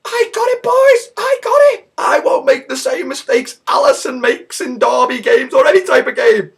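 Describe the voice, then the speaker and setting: A man voicing a cocky rival goalkeeper in a mocking, shouted, high squeaky voice. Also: very animated, normal speed, gravelly, far from the mic, heavily acted. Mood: mocking boastful.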